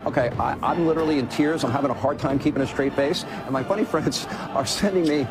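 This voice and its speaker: Male pundit in a played clip, quick and rattled, with music under his voice. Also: on the high side. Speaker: commentator in a clip.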